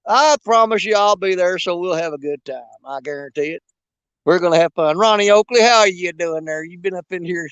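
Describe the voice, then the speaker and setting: A man's voice: sits high, fairly quick, a bit bright, clear, resonant tone, dry recording, highs cut off. An older man hosting a fishing live stream outdoors, joking with his viewers and laughing often in casual, rambling chat. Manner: jokey and rambling, laughs a lot. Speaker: fishing channel host. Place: outdoors at a creek.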